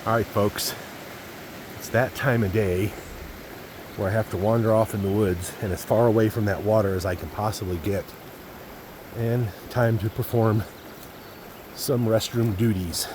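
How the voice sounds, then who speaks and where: A middle-aged man with a somewhat low voice narrates his backpacking trip in a relaxed, folksy way, calling his viewers "folks." He's outdoors in the mountain woods, and a faint hiss of outdoor noise sits under his voice. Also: moderate pace, pauses often. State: a little out of breath. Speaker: backpacking vlogger. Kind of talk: casual outdoor vlog narration.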